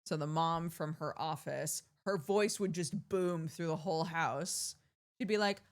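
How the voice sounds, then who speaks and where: A woman streamer talks casually to her chat, her lowish voice swinging widely in pitch as she tells stories. She gets loud and laughs often along the way. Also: measured pace. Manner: animated storytelling with loud yelled bits and laughter.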